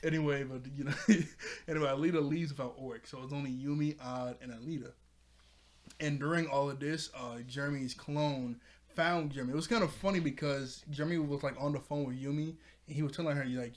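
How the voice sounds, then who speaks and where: Rambling, giggly man with a higher voice. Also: fairly even intonation, brisk. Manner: rambling, laughs often, repeats himself. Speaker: cartoon episode reviewer. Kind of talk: casual recap and commentary.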